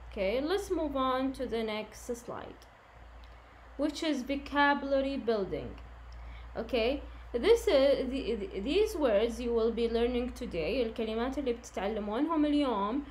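A woman teaching English, speaking slowly and patiently and repeating each instruction. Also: a little high, darkish tone, slight background noise. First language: Arabic. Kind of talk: online lesson, switching to Arabic.

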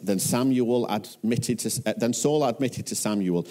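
English male pastor, dark mellow tone, animated sermon storyteller. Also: medium pitch, moderate pace, hardly any pauses. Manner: animated storytelling, acting out scripture voices.

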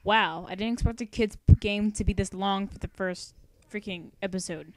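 A woman's voice: mid-range voice, moderate pace, no room sound. A young woman narrating a let's play, chatty and sarcastic, rambling with singsong asides. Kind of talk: casual game commentary.

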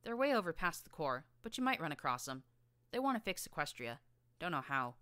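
A woman voicing a tough, streetwise young filly gang leader with a rough rural drawl and a blunt, slangy manner. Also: deep voice, big pitch swings, a little fast, fairly bright tone, no echo.

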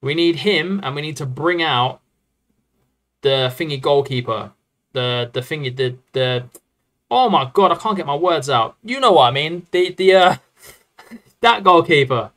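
A man's voice: on the high side, unhurried. A man casually commentating his live-streamed football management game, chatty and rambling as he talks to his chat. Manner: chatty, rambling and excitable, often addressing the chat as lads.

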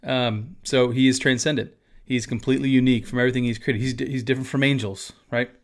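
A man's voice: medium pitch, fairly even intonation, fast talker. A man, a pastor, teaching about a church confession of faith in a casual, conversational way with asides.

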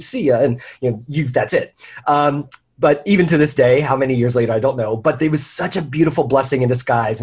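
A man's voice: mid-range voice, breathy edge. A man telling stories as a guest on an interview show, chatty and full of restarts. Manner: chatty storyteller with many restarts. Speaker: guest, leadership consultant. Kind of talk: casual interview talk.

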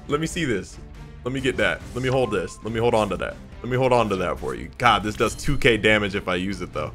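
A young man giving chatty, excitable, jokey commentary as he plays a card game. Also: fairly low pitch, quick pace. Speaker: YouTuber playing a card game. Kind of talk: live gameplay commentary. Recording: faint music behind.

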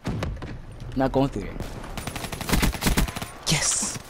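A young man hosting a gaming channel, giving excitable live commentary while he plays, cursing constantly and jumping from shouts to muttering. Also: medium pitch, drawn-out words, noisy background.

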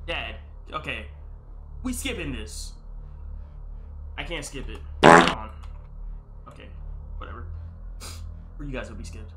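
A man giving panicky, exclaiming commentary as he plays a horror game, often yelling at the screen. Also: medium pitch, lively intonation, measured pace, long pauses. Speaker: gaming video creator. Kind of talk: live gameplay commentary. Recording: roomy echo with loud game music behind. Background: game music.

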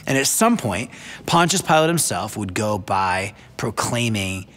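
A man's voice: on the low side, unhurried, a bit bright, in a large hall. A man giving a sermon as pastor in a conversational preaching style, with asides to viewers at home. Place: church sanctuary, online broadcast.

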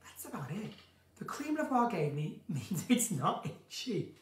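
A woman's voice: fairly low pitch, sing-song, a little slow, noisy background. A woman chats through a casual live stream at home, reading out questions and answering with theatrical flair. She sounds a little distant from the mic, and the room gives her voice a noticeable echo. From northern England. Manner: chatty, theatrical, reads out comments and answers them. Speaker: live chat host answering viewer questions.

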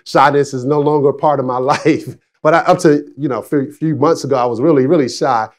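A man in his forties, a pastor preaching a sermon, telling stories with frequent laughs and swinging between excited and hushed delivery. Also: medium pitch, a little fast, hardly any pauses. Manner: chatty storytelling with frequent laughs. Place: church service.

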